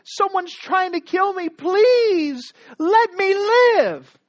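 A frantic young queen begs for her life in a raised, lively voice as a preacher acts her out in a sermon. The sound is dull and dry, as from a lo-fi church recording. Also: very slow, no room sound, heavily acted. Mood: pleading. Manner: high-pitched, begging, tearful urgency. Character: pleading desperate young queen, a woman.

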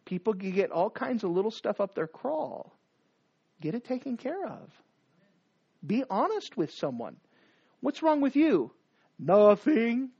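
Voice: mid-range voice, big pitch swings, a little slow, vocal fry, pauses often, darkish tone, slightly rough, dull audio. A preacher giving a sermon, exhorting the listeners with repeated commands and rhetorical questions.

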